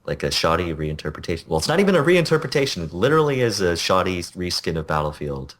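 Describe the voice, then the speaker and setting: A man's voice: low-pitched, very animated, fast talker, fairly bright tone. A young man co-hosting a casual gaming podcast, sarcastic and joking as he talks. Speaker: podcast co-host.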